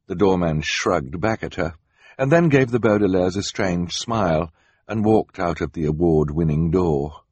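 Husky, lively male storyteller. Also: sits low, measured pace, no echo. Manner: expressive, storytelling. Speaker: audiobook narrator. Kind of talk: scripted narration.

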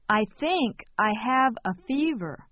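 A woman reading short phrases calmly, with careful enunciation, for a language lesson. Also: a little high, slow, dry recording. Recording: dull, lo-fi sound.

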